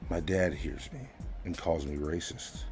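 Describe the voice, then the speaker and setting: A man co-hosting a comedy podcast, reading a mock-solemn story in a slow deadpan. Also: rumbling low, faint music behind. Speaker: podcast co-host reading a comic piece. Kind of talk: comedic reading and casual chat.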